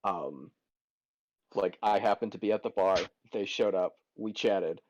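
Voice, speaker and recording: A man in a tabletop game chat, explaining things in a deadpan, rambling way. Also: deep voice, measured pace, slight background noise. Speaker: player. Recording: dull lo-fi dry sound.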